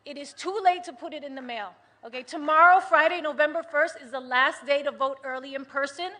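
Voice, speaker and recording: A woman from the United States giving an impassioned political rally speech at a large venue, shifting from soft and earnest to shouting to the crowd. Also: high-pitched, brisk. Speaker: rally speaker. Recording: loud crowd noise from a live rally. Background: cheering crowd.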